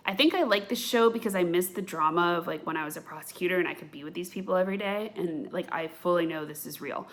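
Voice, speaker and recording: A woman's voice: lowish voice, quick pace, hardly any pauses. A woman in her thirties hosting a podcast, rambling through blunt, gossipy chat in a casual rant to camera. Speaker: podcast host.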